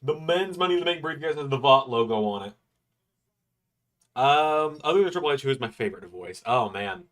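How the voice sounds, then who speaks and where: A man hosting a live stream, chatting casually with quick, joking asides as he reacts. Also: medium pitch, expressive, a bit bright. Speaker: streamer host.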